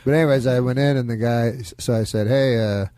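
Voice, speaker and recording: A man telling rambling, deadpan stories as a comedian guest on a talk show. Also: medium pitch, fairly quick. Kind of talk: casual talk show storytelling.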